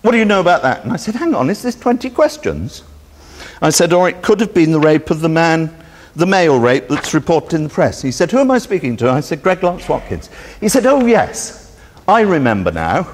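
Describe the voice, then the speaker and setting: Sardonic man, lively voice, echoing hall. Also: a little high, brisk. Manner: sardonic, indignant storytelling that acts out both sides of a dialogue. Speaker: speaker at a public presentation. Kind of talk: anecdotal public talk. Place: meeting hall. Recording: reverberant hall recording.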